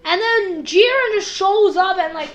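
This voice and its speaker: A woman's voice: extremely high pitch, noisy background. A woman casually reviewing an anime episode, rambling with lots of fillers and acting out bits of dialogue. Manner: rambling, full of fillers and quick impressions.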